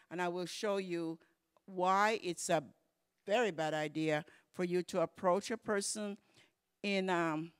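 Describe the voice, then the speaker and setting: A Spanish teacher leading a church class, explaining patiently, spelling words out and repeating phrases, louder and livelier in acted examples. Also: medium pitch.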